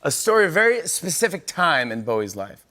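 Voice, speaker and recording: A man's voice: fairly high pitch, sing-song, brisk, sharp tone. A middle-aged man hosting a talk show, enthusiastic and laughing along with his guest. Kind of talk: casual talk show chat.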